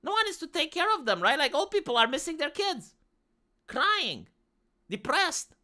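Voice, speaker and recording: A streamer with a Romanian accent talks straight to the chat in a loose, ranting way, swearing freely. The voice sounds sharp and bright, and the delivery is blunt and unfiltered. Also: high voice, big pitch swings, moderate pace. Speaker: live streamer. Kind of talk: casual livestream rant.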